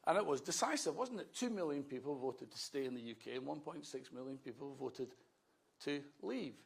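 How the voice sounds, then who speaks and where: Scottish man telling his story, gravelly. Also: medium pitch, expressive, brisk. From Scotland. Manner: conversational storyteller, wry asides. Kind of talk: public speech, anecdotal.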